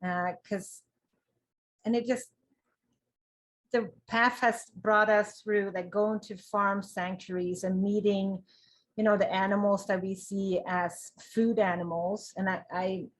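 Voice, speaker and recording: A woman's voice: medium pitch, fairly even intonation, slow pace. Swedish woman telling her story candidly. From Sweden. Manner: candid and open, with self-deprecating humor. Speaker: interview guest. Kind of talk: personal story in casual interview.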